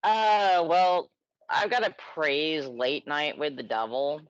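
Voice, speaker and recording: A woman's voice: sits low, slow, clear, resonant tone, no echo. A woman from New York co-hosting a movie podcast, bantering playfully after a few drinks. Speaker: podcast co-host. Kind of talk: casual chat. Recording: slightly dull, dry sound.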